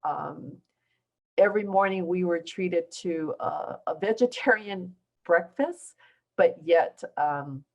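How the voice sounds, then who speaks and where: A woman from southern China in middle age, a basketball coach, talks to a university audience. Her voice sits low, and she tells her stories in a loose way that often stops and starts again. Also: slow, a little mellow, lo-fi sound. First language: Taiwanese. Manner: conversational storytelling with many restarts and fillers. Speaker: basketball coach giving a talk. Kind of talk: informal speech to an audience. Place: university lecture hall.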